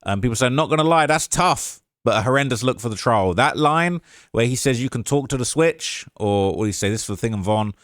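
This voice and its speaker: A young man hosting a casual reaction commentary, reading viewer comments aloud in an animated way and often tagging lines with "all right?". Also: mid-range voice, fairly quick, dry recording, studio quality. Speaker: commentary channel host.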